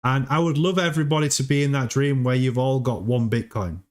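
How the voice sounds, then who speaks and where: A man's voice: mid-range voice, fairly quick. A man hosting a casual livestream, chatty, often repeating words and laughing as he talks. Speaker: livestream host.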